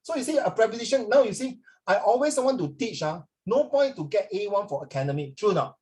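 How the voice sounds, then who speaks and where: Rambling male English teacher, somewhat high-pitched, keeps checking in with the class and code-switches to Mandarin. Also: expressive, fast, darkish tone. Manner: rambling, often checks in with students; mixes in Mandarin phrases. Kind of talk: classroom lecture.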